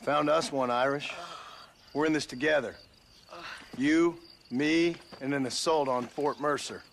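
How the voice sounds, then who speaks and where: A laconic gunman of the frontier with a slightly high voice, delivering every line dry and blunt. Faint crickets chirp behind him. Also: fairly even intonation, measured pace, creaky, a bit bright, slight background noise. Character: terse gruff male frontier gunman.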